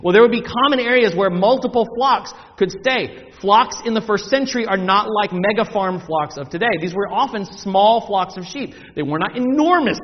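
Male pastor, high voice, sermon delivery: loud, slow scripture readings and chatty explanations. Muffled, reverberant church recording. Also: lively intonation. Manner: dramatic scripture reading, shifting from loud slow proclamation to soft asides; conversational teaching with repetitions and restarts.

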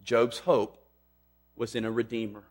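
A man preaching a sermon, emphatic, rising loud on questions and dropping to a hush on key lines. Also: mid-range voice, little pitch movement, a little slow. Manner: emphatic, swings between loud and hushed. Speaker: pastor.

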